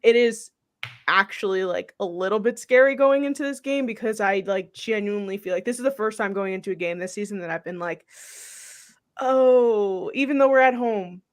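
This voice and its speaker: Brief: mid-pitched woman, co-host, rambling casual chat full of fillers. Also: fairly quick. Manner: chatty, lots of 'like', thinking aloud. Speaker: podcast co-host.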